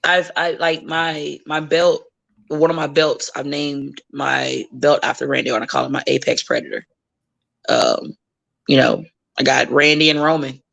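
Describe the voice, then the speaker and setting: A woman with a gravelly, fry-tinged voice chats as a guest in a casual interview. She talks bluntly, swears freely and slips into quick impressions of the people she is telling about. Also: deep voice. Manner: blunt, profane and animated, acting out quoted people. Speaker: professional wrestler, guest.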